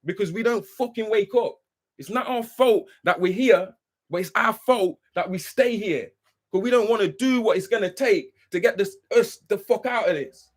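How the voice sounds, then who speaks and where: Speaking at normal speed in a high voice, a man hosting a live stream goes on a heated, profane, preachy rant. He says he's worked up and repeatedly asks if you get it.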